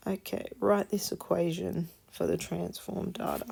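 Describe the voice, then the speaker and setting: A tired woman works through a maths example at an unhurried pace. Her low voice is gravelly and a little husky. She explains patiently and murmurs under her breath as she reads figures. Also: little pitch movement, darkish tone. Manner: slow, patient explaining, drops to murmurs while reading numbers. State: tired, yawning. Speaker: maths teacher. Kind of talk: worked-example maths lesson.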